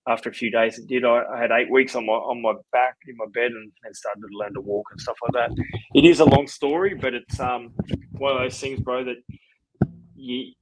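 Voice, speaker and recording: A man in his forties with an Australian accent, a podcast guest telling his story in a relaxed, rambling way with lots of fillers. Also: mid-range voice, brisk, low-quality recording. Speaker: podcast guest, former rugby league player. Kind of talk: casual storytelling interview.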